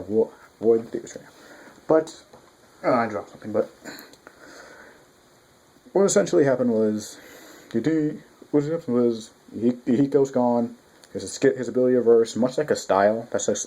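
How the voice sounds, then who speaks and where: A man talks through a casual review in a mellow, warm voice. He is excitable and rambling, restarting sentences and swearing freely as he goes. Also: mid-range voice, normal speed, pauses often. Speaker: manga reviewer.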